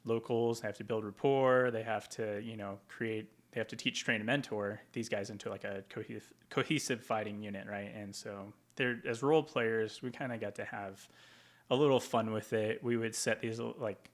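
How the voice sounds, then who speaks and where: A veteran from Tacoma, Washington, USA, tells stories casually as an interview guest in a fairly low, steady voice at normal speed. He rambles, with plenty of ums and likes.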